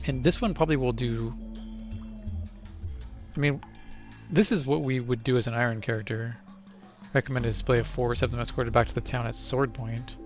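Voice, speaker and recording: A man doing casual let's play commentary, thinking aloud over his choices and reading game text aloud. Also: medium pitch.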